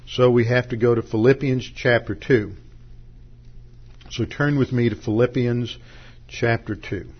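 A man's voice: medium pitch, fairly even intonation, measured pace, husky, dull audio. A man teaching from the Bible, working methodically through Greek verb grammar, with small restarts along the way. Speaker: pastor.

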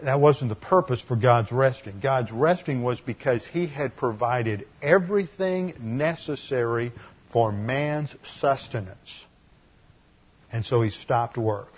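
A man's voice: medium pitch, measured pace, breathy edge, highs cut off. A man preaching an expository sermon, earnest teaching broken by wry asides. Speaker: pastor.

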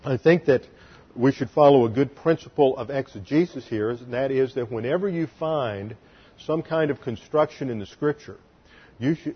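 A man's voice: mid-range voice, slightly rough, dull audio. A man teaching a sermon as pastor, explaining Hebrew grammar step by step and spelling out letters.

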